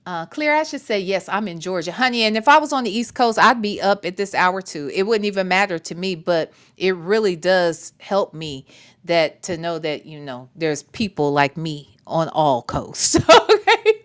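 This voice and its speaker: A woman's voice: lowish voice, moderate pace. A woman hosting a late-night reaction livestream, commenting with sassy, profane asides and talking straight to her chat. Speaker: reaction show host.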